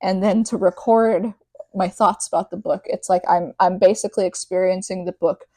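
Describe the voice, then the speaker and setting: A woman's voice: medium pitch, little pitch movement, normal speed, mellow, dry recording. A young woman hosting a casual podcast, recapping a novel in a rambling, chatty way full of fillers and side tangents. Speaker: podcast host.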